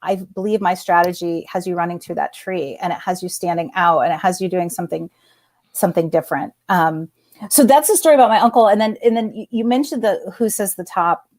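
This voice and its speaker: A woman in her forties, a former executive, telling a personal story as a guest in animated conversational style, full of fillers and restarts. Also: on the low side, fairly quick.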